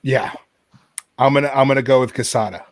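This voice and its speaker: A man co-hosting a casual chat over a video call. He talks in a chatty way with halting restarts. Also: mid-range voice, fairly even intonation, a little hiss or hum, rough recording. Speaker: co-host.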